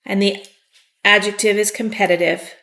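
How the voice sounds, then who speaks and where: A woman teaching English vocabulary, explaining slowly and patiently with the odd "um". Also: medium pitch, fairly even intonation, gravelly, bright, forceful tone, echoey room. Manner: slow, patient explaining with fillers. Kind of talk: vocabulary lesson.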